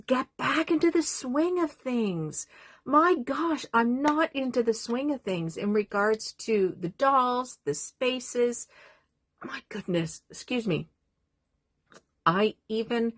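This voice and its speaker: An older woman of middle pitch talks casually to her camera from a small doll room at home. She rambles, drifts between thoughts and turns emotional, heard dry and close. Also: a bit bright, no room sound. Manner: rambling, emotional, easily sidetracked. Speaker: vlogger.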